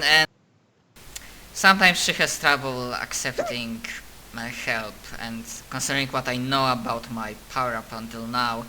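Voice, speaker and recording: A man's voice: mid-range voice, sharp tone, slight background noise, low-quality recording. A man playing a tabletop role-play over voice chat, hesitant and searching for words.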